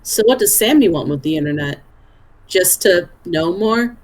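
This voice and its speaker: A woman's voice: on the low side, animated, moderate pace. A woman playing a tabletop game, thoughtfully speaking about her character in third person. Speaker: player. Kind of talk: casual tabletop play.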